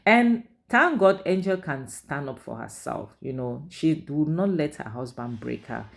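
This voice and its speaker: A man recapping a drama episode in an animated, emotional, casual way. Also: a little high, measured pace, gravelly. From Nigeria. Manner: animated, emotional retelling with conversational fillers. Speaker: drama series reviewer.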